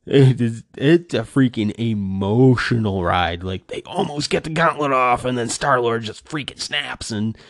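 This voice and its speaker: A man's voice: mid-range voice, unhurried, few pauses, no echo, studio quality. A middle-aged man talking casually to camera, retelling a movie reaction with lots of "like" and acted-out quotes. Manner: animated, acting out quoted reactions, heavy use of "like". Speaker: vlogger.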